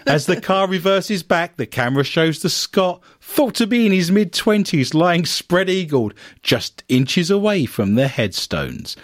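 Man, podcast host, wry teasing banter, very animated pitch, dry close sound. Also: a little slow, few pauses, no room sound. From Britain. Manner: wry, teasing, reads stories aloud with quips. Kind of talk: jokey news-reading podcast banter.

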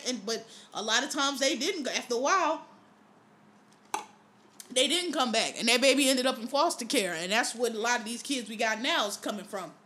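A woman hosting a podcast, talking in a casual, profane monologue and telling animated stories with plenty of laughter. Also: sits high. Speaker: podcast host.

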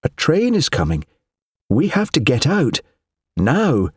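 Guy putting on a high strained wife voice, shrill and on edge, audiobook. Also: wildly swooping pitch, slow, husky, dry recording, clean studio sound, exaggerated voice. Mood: urgent pleading. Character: tense wife, shrill then forcing calm.

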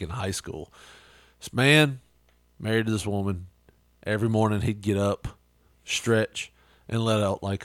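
A man's voice: on the low side, no echo, clean studio sound. A man co-hosting a podcast, telling jokes in a loose, casual way and swearing freely. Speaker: podcast co-host. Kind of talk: casual chat, joke telling.

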